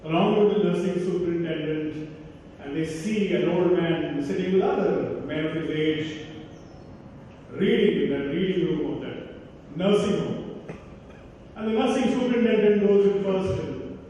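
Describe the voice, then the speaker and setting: A man, telling a story at a college Christmas celebration in a measured, expressive way. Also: high voice, a little hiss or hum. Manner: measured, expressive storyteller who voices the characters. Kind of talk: storytelling address. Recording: echoey hall from far, dull sound.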